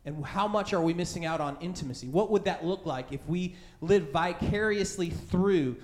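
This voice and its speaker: High-voiced man preaching with animated stories. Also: moderate pace. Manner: animated storytelling, acting out scared voices; conversational, many fillers like "right?" and "like". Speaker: pastor. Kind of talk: sermon with personal story.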